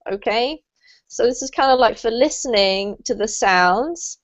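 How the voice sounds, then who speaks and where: Encouraging british teacher on a call. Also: female voice, a little high, a little slow. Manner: encouraging, clear and patient. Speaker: English pronunciation teacher. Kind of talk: online group lesson. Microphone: video call. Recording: lo-fi online call audio.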